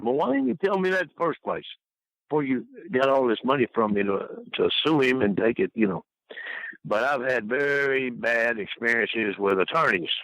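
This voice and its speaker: A man's voice: medium pitch, gravelly, a bit bright, no echo, poor audio. Folksy older man spinning yarns. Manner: colorful, folksy, laughs at his own stories. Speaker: interview guest. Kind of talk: rambling anecdotal storytelling.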